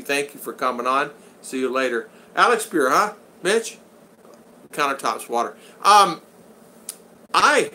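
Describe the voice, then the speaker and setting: Reading his chat aloud on a casual livestream, an older American man greets viewers by name and laughs frequently. His voice is mid-range, bright, and forceful.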